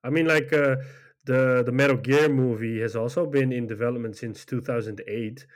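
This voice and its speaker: A man in casual chat about games and films, easygoing and agreeable, often pausing with "uh" and restarting. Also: medium pitch, steady tone.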